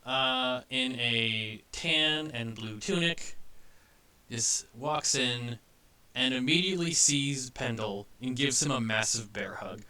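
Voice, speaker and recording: A man narrating a tabletop game as game master, halting with frequent fillers and restarts. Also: medium pitch, pushed and bright, clear, resonant tone.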